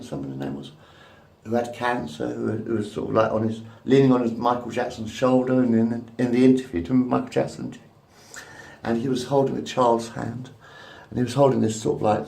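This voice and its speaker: A man's voice: medium pitch, creaky, darkish tone. A man in his fifties rambling crudely and repetitively to a camera at home. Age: 50s. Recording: echoey room.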